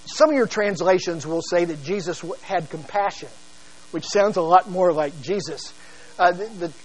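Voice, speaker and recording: A man's voice: high-pitched, poor audio. A man preaching in a conversational Bible study style, with frequent fillers and restarts.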